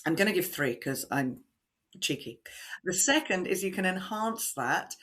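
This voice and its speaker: A woman voice coach in a podcast interview, explaining techniques in a deliberately resonant, measured way and guiding listeners through breathing exercises. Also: fairly low pitch, expressive, a bit bright.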